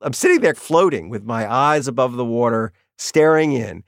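A middle-aged man telling lively stories about his daughter as a guest in an interview. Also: mid-range voice, moderate pace, gravelly, no room sound, studio quality. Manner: animated storyteller, acts out quotes. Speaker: guest, author. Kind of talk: storytelling in an interview.

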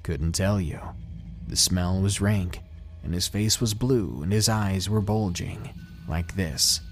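A man voicing a gruff, chain-smoking old great-uncle with a raspy voice, speaking slowly and bluntly in a storybook reading. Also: sits low, faint music behind. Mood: grim. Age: older. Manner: slow, blunt and snappish.

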